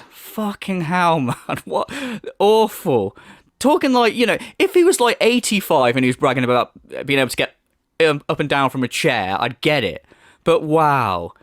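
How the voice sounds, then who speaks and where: A man's voice: fairly high pitch, normal speed, no echo, studio quality. A man hosting a commentary video, sarcastic and swearing, mocking what he reacts to. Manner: sarcastic, swears a lot, lively mocking impressions.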